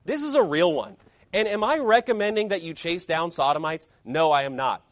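A man's voice: on the high side, lively intonation, moderate pace, no room sound, clean studio sound. A man preaching a sermon as pastor, emphatic and fiery, firing off rhetorical questions.

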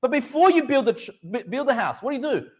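A middle-aged man with a high voice preaching a sermon. He speaks with emphasis, asking his listeners questions and answering them himself. He draws out the key words of scripture slowly for effect. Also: very animated. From Australia. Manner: slows right down to stress Bible verses. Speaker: pastor.

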